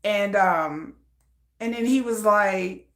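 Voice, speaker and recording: A woman vlogger telling a story in a chatty, animated way with lots of fillers. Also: medium pitch, slow pace, roomy sound. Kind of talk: casual storytelling.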